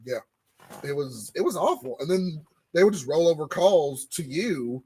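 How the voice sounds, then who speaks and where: A man, co-hosting a casual podcast and telling animated stories about his old job. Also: a little high, normal speed, slightly rough, poor audio. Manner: animated storytelling, repeating phrases. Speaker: podcast co-host. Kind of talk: casual chat.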